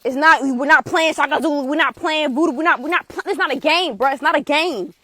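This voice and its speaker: A woman, a tarot reader giving a passionate, forceful live spiritual reading with blunt swearing. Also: high voice, a little fast, dry recording. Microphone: streaming setup.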